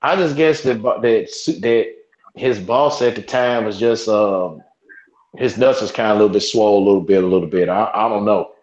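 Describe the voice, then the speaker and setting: A man's voice: on the low side, moderate pace, darkish tone. Guy in his 40s hosting a podcast, rambles and restarts, cusses a lot, echoey room, muffled lo-fi audio. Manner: rambling, many restarts, cursing. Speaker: podcast host. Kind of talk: casual storytelling chat. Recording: roomy, dull lo-fi sound.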